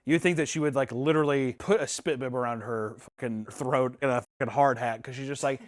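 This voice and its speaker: A young man streaming a casual reaction recap, animated and profane, bickering with a co-host. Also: medium pitch, fairly quick, few pauses. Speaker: streamer recapping a reality dating show.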